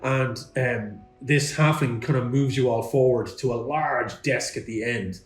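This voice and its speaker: A man's voice: medium pitch, a little slow. Man narrating a tabletop game. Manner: rambling descriptive narration with fillers. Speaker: game master. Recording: echoey room with faint music.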